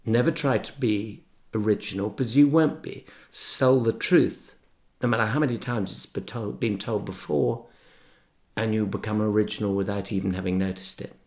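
Author with a faint Irish lilt. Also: male voice, lowish voice, normal speed, creaky, darkish tone. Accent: slight Irish lilt with English polish. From Ireland. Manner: rambling, anecdotal, self-correcting. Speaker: author guest. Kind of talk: casual interview chat.

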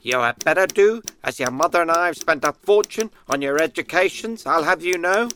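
A man's voice: on the high side, expressive, a little fast, bright, forceful tone, slight background noise. A man voicing a stern scolding father. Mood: reproachful. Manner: scolding, reproachful letter-reading. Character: stern middle-aged father writing to his son. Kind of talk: audiobook dramatised reading.

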